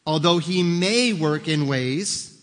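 Earnest pastor with a raised voice. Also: male voice, on the high side, slow, fairly bright tone. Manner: earnest, emphatic, repeats key lines. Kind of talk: sermon. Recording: long reverb of a large hall.

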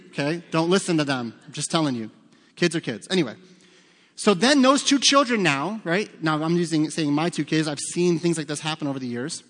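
A man's voice: fairly high pitch, fairly quick, a bit bright. A middle-aged man preaching a sermon as pastor, talking to the congregation in a conversational, humorous storytelling way with asides to the listeners. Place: church sanctuary. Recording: long hall reverb.

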